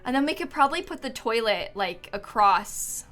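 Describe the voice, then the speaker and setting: Over soft background music, a woman streamer with a somewhat high, expressive, slightly bright voice chats at a moderate pace while building in a game. Tired, she yawns now and then, giggles frequently, and fills her thinking aloud with fillers.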